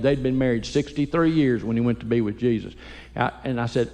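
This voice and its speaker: A man, a Christian comedian doing folksy, animated stand-up storytelling. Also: medium pitch, a little fast, creaky. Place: church hall. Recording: echoey hall, faint ambience.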